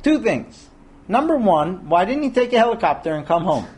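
A man teaching a Torah class to a group of men, lively and animated, acting out quoted voices and asking rhetorical questions. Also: high-pitched, moderate pace, husky.

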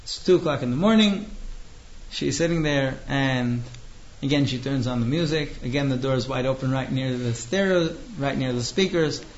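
A man's voice: medium pitch, moderate pace, dull audio. A man teaching a class, telling a story with many fillers and restarts.

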